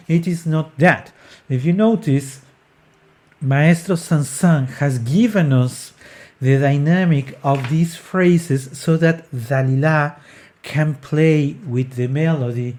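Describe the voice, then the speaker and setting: A singing coach walks through an aria at a slow, deliberate pace, choosing words carefully and often starting them over. Short sung syllables break up the explanation to show how a phrase should move. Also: medium pitch, darkish tone, soft background music. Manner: sings short demonstration syllables between explanations.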